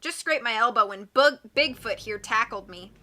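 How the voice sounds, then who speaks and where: A woman's voice: on the high side, expressive, moderate pace, bright, forceful tone. A woman voicing a blunt young woman who speaks sharply and grumbles.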